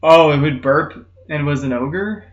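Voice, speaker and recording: Profane young man rambling "dude"-heavy stories. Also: measured pace. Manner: does loud high-pitched mocking voices in stories. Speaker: streamer. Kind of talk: casual storytelling chat. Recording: roomy, slightly muffled stream audio.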